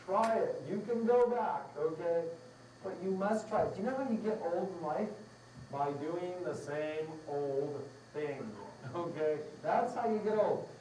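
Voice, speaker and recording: A woman's voice: medium pitch, moderate pace, warm tone, a little hiss or hum. A woman giving a casual, rambling talk to a live class, upbeat, laughing often and acting out quotes. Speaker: raw food class instructor. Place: room with a live audience. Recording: echoey room, mic far off.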